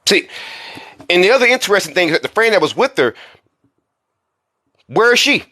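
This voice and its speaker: A man's voice: high-pitched, sing-song, brisk, pushed and bright. A man hosting a commentary vlog, talking heatedly with many rhetorical questions and repeating words for emphasis. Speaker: commentary channel host.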